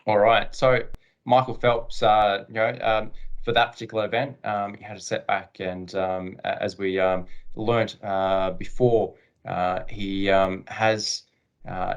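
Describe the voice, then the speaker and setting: A man's voice: fairly low pitch, fairly even intonation, measured pace, lo-fi sound. A man presenting a webinar, hesitant and full of fillers.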